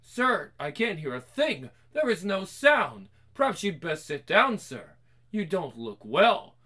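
A reader putting on a courteous, formal police officer in a horror comic reading, pitched a little higher than the narration. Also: big pitch swings, takes it slowly, pushed and bright, full character voice. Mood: calm. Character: polite, puzzled police officer.

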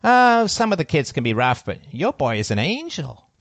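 A bored, nasal teenage girl who answers curtly and flatly, as a male storyteller puts her on. The voice sits well above his own and comes across dry and close. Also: a little high, moderate pace, no echo, voice pushed up. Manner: bored, flat, curt.

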